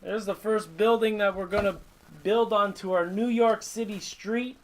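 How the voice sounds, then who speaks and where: A man's voice: sits high, fairly even intonation, moderate pace, slight background noise, poor audio. A man hosting a casual live stream from his hobby workshop, chatting in a rambling way and reading out viewer comments. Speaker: host of a live model-building stream.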